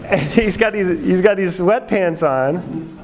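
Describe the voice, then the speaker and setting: A man telling his own testimony in a chatty, animated way, with many fillers and laughs. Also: high voice, slow, music in the background, low-quality recording. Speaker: speaker sharing his testimony. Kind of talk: storytelling testimony talk.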